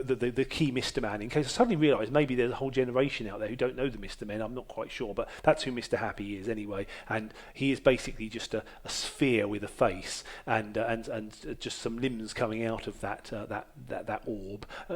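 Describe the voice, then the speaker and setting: A man hosting a casual chat in a basement room, rambling and hesitant with many fillers and restarts, and a wry, self-mocking humour. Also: mid-range voice. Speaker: podcast host and musician.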